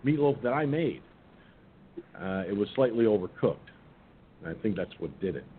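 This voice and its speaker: A man's voice: lively intonation, moderate pace. Older man rambling on a phone line. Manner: rambling, many restarts, swears casually. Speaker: radio show host. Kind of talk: casual rambling monologue. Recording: muffled phone-line audio with faint rumble.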